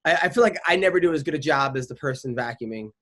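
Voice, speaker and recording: A man's voice: medium pitch, lively intonation, quick pace, a bit bright. A middle-aged man hosting a podcast, telling a rambling story in casual chat, stammering, restarting and swearing freely. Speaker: podcast host.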